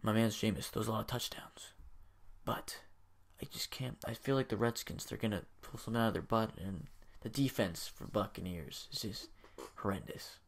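Young man hyping sports picks, low-pitched. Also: moderate pace. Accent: says he has a strange accent. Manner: energetic, hyped bursts. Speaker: video host. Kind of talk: casual sports predictions.

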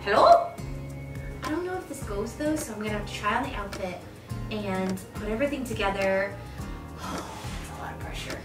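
A woman of thirty in a casual birthday vlog, gushing and gasping with excitement as she unpacks and tries on outfits. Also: mid-range voice, moderate pace. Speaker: vlogger. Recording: echoey room, mic at a distance, loud music. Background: music.

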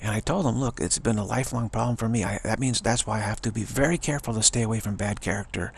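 A man's voice: fairly low pitch, fast talker, creaky, slight background noise. A man giving an earnest, rambling spiritual monologue to camera, often restarting his sentences. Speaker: spiritual video blogger.

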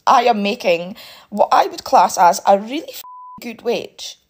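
A woman's voice: medium pitch, expressive, measured pace, slightly rough. A British woman, a single parent, venting to camera on a phone about bills, upset and clipping off her swear words. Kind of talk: emotional vent to camera.

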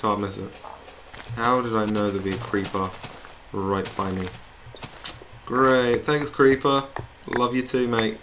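A man's voice: on the low side, steady tone, moderate pace. Chatty young man gaming. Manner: chatty, rambling, self-mocking. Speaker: gamer. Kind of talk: gameplay commentary. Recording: noisy home recording with keyboard clicks.

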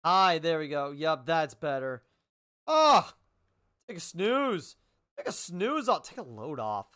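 A goofy male game streamer with a high voice that leaps up and down all over the place. He banters with the characters on screen, repeats lines for comic effect and keeps up a joking running commentary. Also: very animated, slow pace, sharp tone. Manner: playful, jokey, talks back at the game characters. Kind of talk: live gaming stream commentary.

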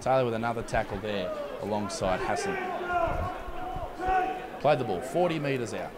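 A man giving fast, jokey play-by-play commentary on a rugby league match from a commentary box. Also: on the low side. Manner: rapid, excitable, jokey play-by-play. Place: commentary box at an outdoor ground. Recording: loud crowd and outdoor noise.

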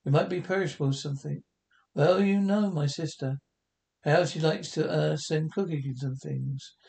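A man's voice: fairly high pitch, steady tone, moderate pace, creaky, darkish tone. A man reading the part of a timid, downtrodden housewife in an amateur script reading, hesitant and apologetic.

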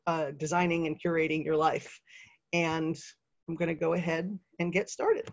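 A woman's voice: fairly low pitch, lo-fi sound. A middle-aged woman giving a webinar in a conversational, upbeat way, with frequent fillers. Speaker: webinar presenter. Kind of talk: presenting a webinar.

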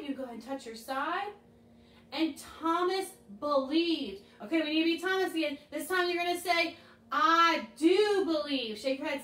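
High-voiced woman telling a kids' Bible story. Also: fairly bright tone, slight background noise. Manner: slow, deliberate modeling of lines for kids to repeat. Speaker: children's chapel leader. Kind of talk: children's Bible story with call-and-response. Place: room with air freshener. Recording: echoey room, mic at a distance.

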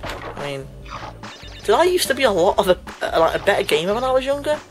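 A let's play commentator with a mid-range voice talks briskly and very animatedly over gameplay, with game music behind him and poor audio. He chats casually, erupts in frustration, and laughs at himself in a self-mocking way.

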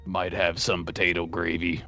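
A man voicing a gruff, terse male orc barkeep who mutters low and short. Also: monotone, moderate pace, sharp tone, muffled recording, faint music behind, heavily acted.

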